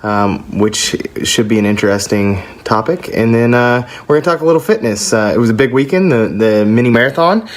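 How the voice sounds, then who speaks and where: A man's voice: medium pitch, lively intonation, brisk, few pauses. Easygoing man hosting a podcast. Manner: easygoing, lots of ums and restarts. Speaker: podcast host. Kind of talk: casual podcast chat.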